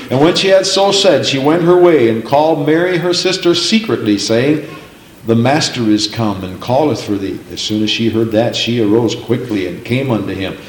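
A man's voice: medium pitch, darkish tone. Folksy preacher man in an echoey room. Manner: folksy storytelling, rising to fervent emphasis when reading. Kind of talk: sermon with scripture reading.

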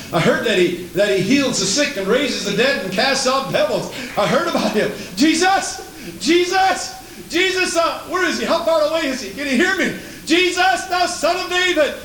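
Preacher guy doing a blind beggar yelling high and frantic, echoey church, bit of hiss. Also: heavily acted. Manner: pleading, shouting loudly. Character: desperate blind beggar man crying out.

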